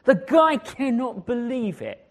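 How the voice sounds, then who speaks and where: A man preaching as an evangelist, telling stories in an animated way and acting out the conversations. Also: very high-pitched, a little slow. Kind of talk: storytelling sermon.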